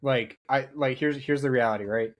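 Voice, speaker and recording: A man chatting casually and drifting into long anecdotes. He has a middle pitch and loose, unhurried phrasing. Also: lo-fi sound. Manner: storytelling, rambling with restarts. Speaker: podcast guest. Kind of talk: casual chat.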